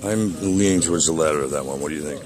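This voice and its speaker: A man's voice: a bass voice, very fast, a little mellow, a little hiss or hum. A man in an agitated, profane, boastful rant on a call, swearing constantly and making threats.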